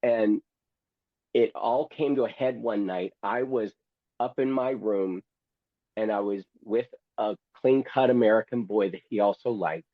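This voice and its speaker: A man's voice: lowish voice, measured pace, no echo, narrow, tinny audio. A man who is a guest and memoir author, telling a story theatrically and with humor, acting out other people's voices. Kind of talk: storytelling, reading from his memoir.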